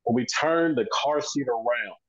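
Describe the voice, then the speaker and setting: A man's voice: mid-range voice, moderate pace. A middle-aged man with a mid-range voice talks in an emphatic, conversational way. His recording sounds dull and lo-fi, with the top end muffled. He is a podcast co-host in casual chat.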